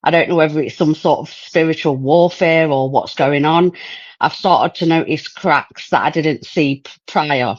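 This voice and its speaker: This caller, a woman from England's East Midlands, has a low-pitched voice and a strong local accent. On a casual phone-in she meanders and hesitates at a moderate pace, and the line sounds dull, dry, and lo-fi, without echo.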